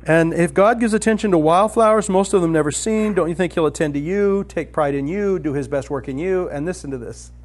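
A man preaching a sermon, telling stories in a lively way and often laughing as he talks. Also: sits high, brisk, hardly any pauses. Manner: animated storytelling, often breaks into laughter.

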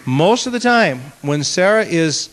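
A man speaking as a pastor in an earnest conversational teaching talk, with animated self-mocking humor. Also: a little high, unhurried. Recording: long hall reverb.

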